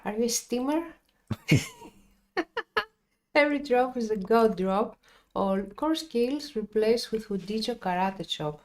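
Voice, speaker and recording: A woman's voice: fairly high pitch, big pitch swings, slow, pauses often. Woman, Greek accent, playful, teasing, casual stream chat. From Greece.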